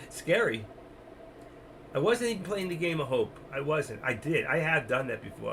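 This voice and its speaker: A gravelly, mid-range male voice comes through a noisy background at normal speed, animated throughout. He hosts an options trading livestream, rambling in a casual way, making fun of himself, and talking directly to those watching.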